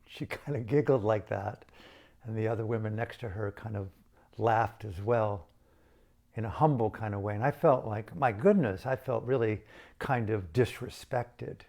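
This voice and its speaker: A man's voice: on the low side, normal speed, gravelly, a little mellow. A man from the United States telling a personal story in a reflective, self-mocking way with shifting emphasis. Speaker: storyteller and author.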